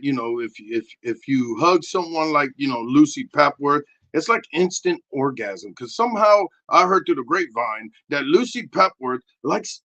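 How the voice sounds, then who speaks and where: A man doing a rambling, crude improvised comedy rant, excitable and prone to sudden shouting. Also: fairly high pitch, creaky.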